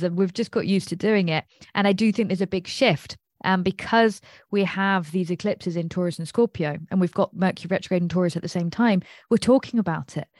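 A woman's voice: fairly low pitch, dry recording, studio quality. A woman with a British accent, an astrologer hosting a casual livestream, rambling and thinking aloud as she talks. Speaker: astrologer host.

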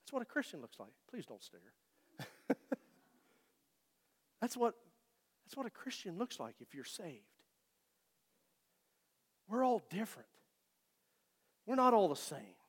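During a sermon, a pastor with a high, lively voice jokes with the congregation and speaks to them conversationally. The church sanctuary's long reverb fills the recording.

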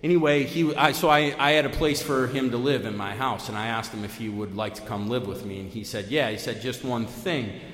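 A man's voice: brisk, few pauses. Man telling his story in an echoey hall. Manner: lively storytelling with big pitch swings, many fillers. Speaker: AA main speaker. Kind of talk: personal recovery talk at a meeting. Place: meeting room. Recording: echoey hall, long reverb.

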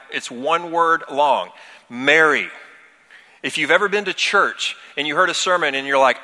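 A middle-aged man delivers a sermon as a pastor, earnest and animated as he leans into personal stories. His voice is very bright and sharp, carrying a long reverb from a large church hall. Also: on the high side.

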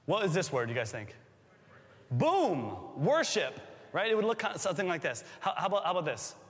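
A man's voice: high-pitched, big pitch swings, brisk, a bit bright. A man preaching with a slightly raised voice, and his words ring out with a long reverb through a big hall. He teaches in a loose, playful way, quizzes his listeners and slips jokes in between. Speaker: pastor. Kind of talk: sermon.

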